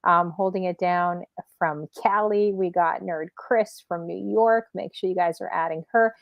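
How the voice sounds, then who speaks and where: A woman's voice: on the low side, steady tone, unhurried, vocal fry, no room sound, dull audio. A woman in her forties hosting a casual livestream talk show, chatting easily, reading out viewer comments and laughing often. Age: 40s.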